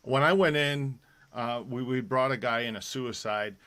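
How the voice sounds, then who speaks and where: A man's voice: mid-range voice, normal speed, fairly bright tone. A man hosting a live online show, chatting casually and rambling with many fillers and restarts. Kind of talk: casual live-stream chat.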